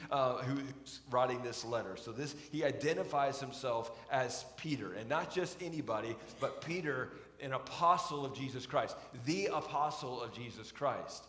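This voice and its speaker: A man's voice: mid-range voice, a bit bright. Male preacher in an echoey sanctuary. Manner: conversational storytelling with frequent restarts. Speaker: pastor. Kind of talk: sermon. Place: church sanctuary. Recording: echoey church sanctuary with long reverb.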